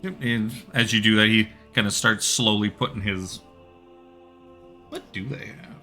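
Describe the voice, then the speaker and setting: A man's voice: on the low side, a little slow, sharp tone, soft background music. A man running a tabletop horror game as game master, narrating casually.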